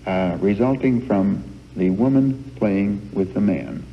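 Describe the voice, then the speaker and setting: A man giving a frank family life lecture to a live group, folksy and halting, recorded on worn old reel-to-reel tape in a hall. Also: fairly low pitch, lo-fi sound, slight background noise. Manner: folksy, halting with many uh fillers.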